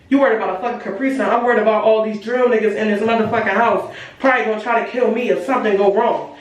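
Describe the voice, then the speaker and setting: A teenage girl telling a story to her viewers in a lively, profane, chatty way, talking straight to the audience as y'all. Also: fairly high pitch, racing. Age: late teens. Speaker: storytime vlogger. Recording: very echoey room, voice far from the mic.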